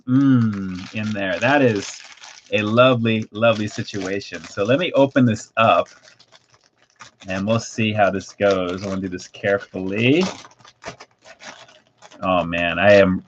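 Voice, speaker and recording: A man hosting a livestream snack review, chatty and excitable as he tastes and describes food. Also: on the low side, lo-fi sound, a little hiss or hum.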